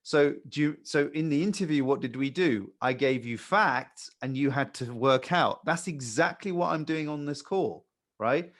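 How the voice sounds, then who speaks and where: Blunt, calm male sales trainer. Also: fairly high pitch. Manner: calm, blunt, with casual swearing. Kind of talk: coaching new hires.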